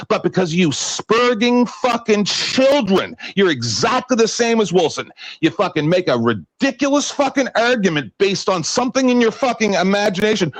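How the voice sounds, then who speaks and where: A man's voice: high-pitched, no echo, rough recording. An older retired man ranting angrily at a stream panel, swearing and hurling insults. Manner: shouting insults, swearing constantly. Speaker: debate panelist. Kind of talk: angry profane rant.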